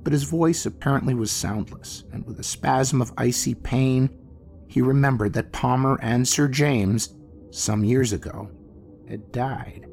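Gravelly guy reading a horror story, very expressive, faint music under it. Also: mid-range voice, unhurried. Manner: expressive, theatrical. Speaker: narrator. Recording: faint music bed behind.

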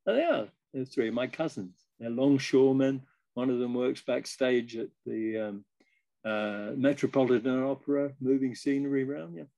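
A man's voice: mid-range voice, moderate pace, creaky, dark tone, no echo, highs cut off. Older man telling chuckling stories. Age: 80s. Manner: chuckling, self-deprecating. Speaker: guest musician. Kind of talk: casual storytelling.

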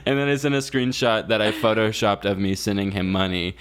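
A man's voice: fairly low pitch, brisk, fairly bright tone, a little hiss or hum. Young man telling a story, laughing. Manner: storytelling, mock-dramatic quoted voices, laughing often. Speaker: podcast co-host. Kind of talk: casual chat.

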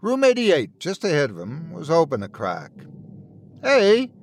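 Guy narrating a scary story, lively pitch, pretty dramatic. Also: normal speed, slight background noise. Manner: expressive, dramatic. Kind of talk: scripted horror narration.

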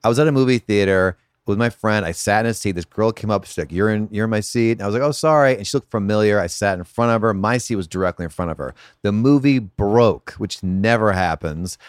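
Low-voiced comedian, self-deprecating. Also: male voice, fairly quick, few pauses, clear, resonant tone, no echo, clean studio sound. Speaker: comedian guest. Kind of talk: casual chat.

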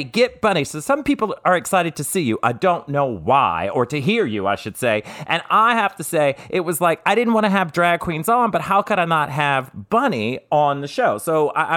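A man's voice: on the high side, fairly bright tone. A man hosting a podcast, brash and profane in campy banter, laughing often. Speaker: podcast host.

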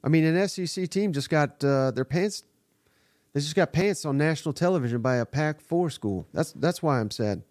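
A man's voice: fairly high pitch, animated, normal speed, a little mellow, no echo, studio quality. A man hosting a live sports reaction podcast, giving blunt, exasperated and profane commentary. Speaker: podcast host.

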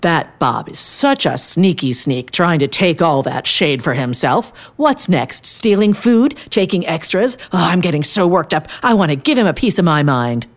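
A woman voicing a stubborn, hot-tempered man in a storybook tale, yelling in a high, strained voice. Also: sing-song, slow pace, breathy edge, exaggerated voice. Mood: worked up. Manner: shrill, yelling.

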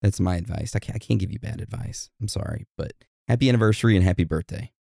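A man's voice: lowish voice, fast talker, vocal fry, warm tone, dry recording, studio quality. A man co-hosting a podcast in casual chat, laid-back and joking. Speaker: podcast co-host.

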